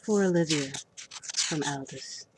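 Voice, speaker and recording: A woman reading a children's storybook aloud, lively and expressive. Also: low-pitched, a little slow, background noise.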